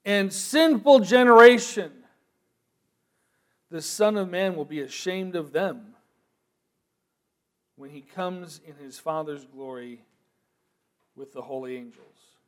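A man preaching a sermon, moving from quiet, thoughtful asides to loud, emphatic proclamation. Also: fairly high pitch, slow pace, pauses often.

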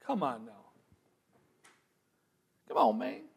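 Slow, high-voiced male preacher. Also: wildly swooping pitch, vocal fry, slightly rough. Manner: swings from quiet musing to loud emphatic proclamation. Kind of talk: sermon.

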